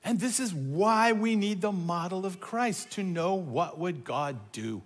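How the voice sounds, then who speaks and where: Male preacher, fairly high voice, big reverb-heavy church hall, animated delivery that swings loud to hushed. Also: measured pace. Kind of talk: sermon. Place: church auditorium. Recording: long reverb of a large hall.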